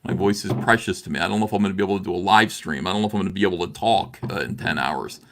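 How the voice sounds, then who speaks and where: A middle-aged man joins a livestream by video call and argues heatedly in a deep, fairly bright voice, rapid-fire. He's impassioned and repetitive, constantly restarting and peppering his speech with "uh."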